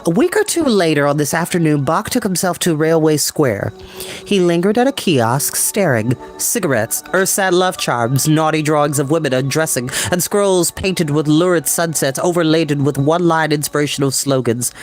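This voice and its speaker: A man's voice: fairly high pitch, animated, moderate pace, soft background music. A man reading a novel aloud as storyteller, thoughtful, stopping to comment and sometimes stumbling on hard words.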